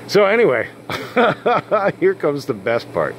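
A man's voice: high-pitched, takes it slowly, slight background noise. A man telling a crude, swear-filled story as the host of a casual rant video. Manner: crude, swearing constantly, animated. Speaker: channel host.

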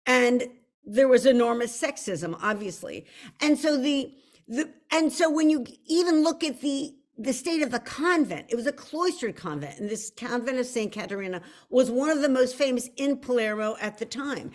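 Woman, middle-aged, chatty livestream host, self-deprecating, fairly high voice. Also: expressive, moderate pace. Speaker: author hosting a livestream. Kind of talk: casual livestream chat.

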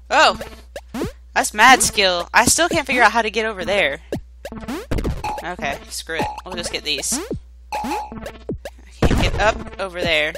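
A woman commenting on a video game as she plays, excitable, yelping and shouting and swearing playfully along the way. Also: medium pitch. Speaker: gaming video host. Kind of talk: let's-play commentary. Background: game music.

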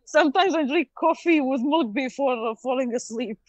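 High-voiced hesitant woman co-hosting. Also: darkish tone, no echo, highs cut off. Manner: hesitant, many "uh" pauses, laughs often. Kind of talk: casual livestream chat.

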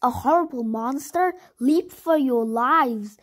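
A woman's voice: high voice, slow pace. A woman voicing an easily frightened male toad in a storybook, alarmed and dramatic.

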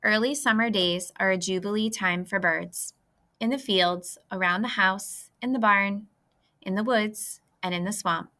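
A woman reading a children's book aloud in a clear, lively way. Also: medium pitch, unhurried. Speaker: reader. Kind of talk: storybook read-aloud.

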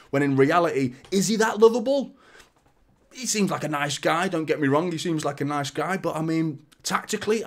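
Rambling, opinionated man talking football. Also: a little high. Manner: rambling and opinionated, with frequent restarts and stammered repeats. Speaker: football fan channel host. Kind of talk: casual football preview monologue.

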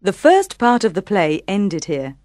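A woman narrating a storybook audiobook in a calm, clear reading voice. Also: mid-range voice, a little slow, no room sound, studio quality.

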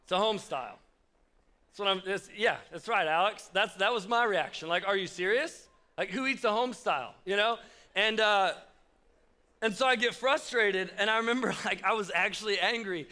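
A man's voice: high-pitched, moderate pace, bright, forceful tone. A young man, preaching a casual, joking youth sermon and talking straight to the crowd. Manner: chatty, joking, addresses the crowd directly. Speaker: youth pastor.

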